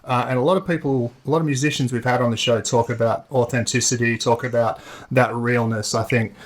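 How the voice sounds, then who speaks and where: A man's voice: medium pitch, fairly even intonation, a little fast. A man co-hosting a podcast, joking and rambling in a casual, self-mocking way while interviewing a guest. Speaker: podcast co-host.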